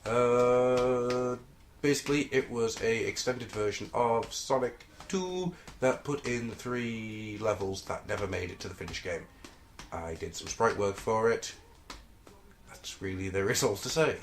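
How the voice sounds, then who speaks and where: A man co-hosting a podcast in casual chat, answering in short, dry, deadpan quips. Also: medium pitch, a little slow, a little hiss or hum. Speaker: podcast co-host.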